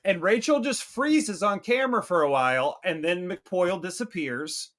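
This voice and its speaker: Animated high-voiced man riffing crudely. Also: normal speed. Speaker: podcast co-host. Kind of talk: casual comedic movie review.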